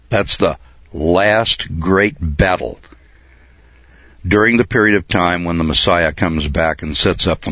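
A man teaching Bible prophecy in sermon style, reading verses aloud and explaining them, often clearing his throat. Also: deep voice, a bit bright, no echo. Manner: reads scripture aloud then explains it. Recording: dull, lo-fi dry recording.

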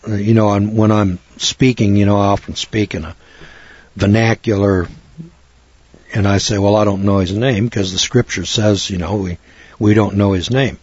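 A man's voice: on the low side, fairly even intonation, moderate pace, darkish tone, breathy edge, no echo, muffled recording. An older American man giving informal, rambling Bible teaching in a folksy manner with frequent restarts. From United States.

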